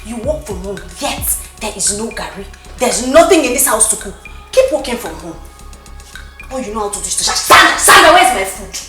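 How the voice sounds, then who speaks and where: Fed-up young wife with a Nigerian accent, sharp and combative, in a high, very lively voice. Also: female voice, a little fast, echoey room, soft background music. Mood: exasperated. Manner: sharp, confrontational.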